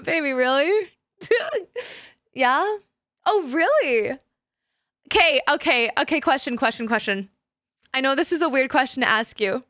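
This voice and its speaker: A woman's voice: high voice, fairly bright tone, no echo, studio quality. A woman streaming as a VTuber in casual chat, swearing freely and breaking into laughter often. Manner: profane and giggly, swears often and laughs a lot.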